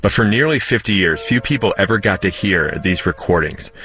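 A man with a low voice introduces a public radio program from a script. He keeps a measured, even delivery that suits a documentary opening. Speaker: radio host.

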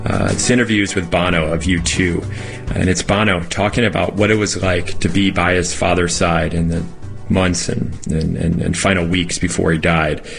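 Male host, relaxed and filler-heavy, with a very deep, gravelly voice. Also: moderate pace, faint music behind. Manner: casual, filler-heavy delivery. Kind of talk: podcast introduction.

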